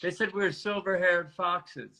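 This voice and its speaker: A man's voice: high voice, moderate pace. A middle-aged man hosting a livestream from home, chatting casually and laughing a lot as he jokes. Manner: animated, laughing, joking. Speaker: livestream host. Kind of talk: casual chat. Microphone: phone on a video livestream.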